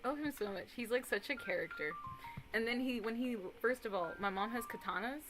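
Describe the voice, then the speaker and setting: A young woman in her twenties streaming casual chat, rambling and animated, swearing casually and breaking into excited impressions of others. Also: fairly high pitch, a little fast, music in the background, rough recording.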